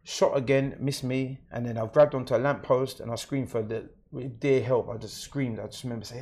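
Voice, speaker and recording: An interview guest with a London accent describes what happened to him in a plain, matter-of-fact manner. His mid-range voice is a little mellow and steady, fairly quick, with few pauses.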